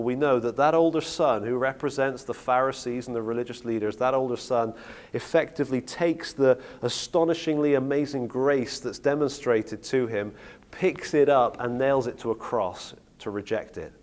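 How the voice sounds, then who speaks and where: Animated storytelling male preacher. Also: mid-range voice. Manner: animated storytelling, acting out quoted lines. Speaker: preacher teaching on Bible stories. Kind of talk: sermon-style teaching talk.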